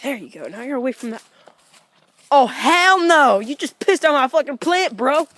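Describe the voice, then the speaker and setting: A woman's voice: high voice, lively intonation, fast, dry recording. A woman vlogging in her yard, talking bluntly and profanely to dogs in a playful, scolding way. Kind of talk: casual vlog, talking to dogs. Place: outdoor yard at home.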